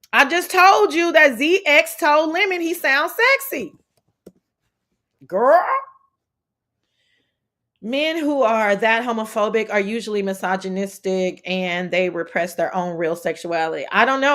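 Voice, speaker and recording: A woman hosting a casual commentary livestream, telling stories in a sassy, profane, animated way. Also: a little high. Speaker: commentary host.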